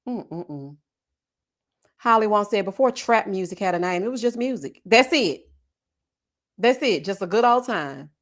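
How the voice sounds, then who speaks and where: A woman, chatting on a livestream and reading out viewer comments, animated and quick to laugh, with drawn-out asides like "child" and "honey.". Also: medium pitch. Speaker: livestream host.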